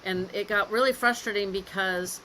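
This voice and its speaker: A woman's voice: medium pitch, fairly even intonation, normal speed, sharp tone, a little hiss or hum, rough recording. A woman guest on a caregiving podcast, telling stories in a frank, lightly laughing way. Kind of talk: candid conversational interview.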